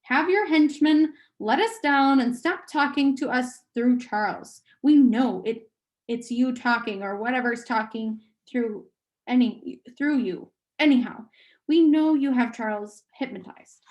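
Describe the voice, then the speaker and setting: A woman's voice: fairly high pitch, unhurried, a little mellow, lo-fi sound, lightly acted. A determined athletic teenage boy, firm and blunt when he speaks, as a woman reads him aloud. He stands his ground.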